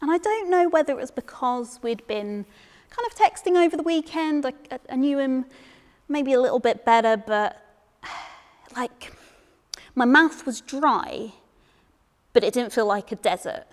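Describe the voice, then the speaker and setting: A young woman tells a comic story from a theatre stage in a fairly high voice. She is chatty and self-deprecating, and she trips over repeated words. A long stage reverb trails behind her voice. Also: animated, unhurried, long pauses. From England. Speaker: solo performer.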